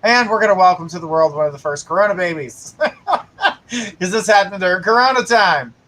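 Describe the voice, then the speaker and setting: Bright high-voiced man giving psychic readings. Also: animated, a little fast, a little hiss or hum, poor audio. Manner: casual, reassuring, gives direct advice. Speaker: psychic host. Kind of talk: live-stream psychic reading.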